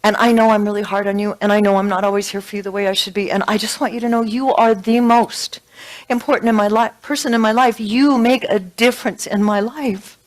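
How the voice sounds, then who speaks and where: A woman's voice: mid-range voice, steady tone, brisk, lightly acted. A woman doing a grumpy middle-aged dad. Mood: tender. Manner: gruff, then tender and pleading. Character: gruff middle-aged father and boss, softening.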